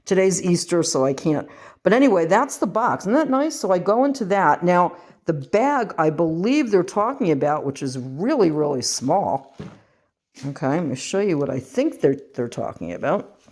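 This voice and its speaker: An older woman from the western United States talks through a casual home vlog, reading aloud and drifting into rambling asides. She pokes fun at herself as she goes, and her voice sits on the low side. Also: very animated, darkish tone. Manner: rambling and self-mocking, with quick laughs. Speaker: vlogger.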